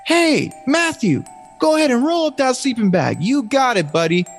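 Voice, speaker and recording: A man voicing a bossy eight-year-old boy who orders the other kids around a camp cabin, raised in pitch. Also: expressive, normal speed, faint music behind, full character voice.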